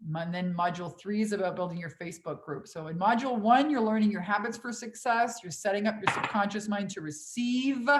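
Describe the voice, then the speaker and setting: Brash young woman coach, swears a lot, livestream chat in an echoey room. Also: medium pitch. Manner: brash, swears freely, reads out viewer comments. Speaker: business coach hosting a livestream Q&A.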